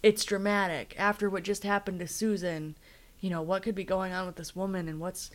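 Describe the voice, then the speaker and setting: A woman's voice: mid-range voice, little pitch movement, a little fast, a little hiss or hum. A woman co-hosting a casual podcast, retelling a TV episode in a chatty storytelling way. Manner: chatty storytelling, acting out quotes. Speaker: podcast co-host recapping a TV episode. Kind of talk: casual chat.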